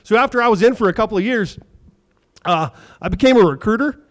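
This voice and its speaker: Fifties male comic, high-pitched, live stand-up set, chatty storyteller who swears and plays out his own dialogue. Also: expressive, fast talker. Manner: conversational storytelling, acts out quoted dialogue, swears. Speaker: stand-up comedian. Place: comedy club stage.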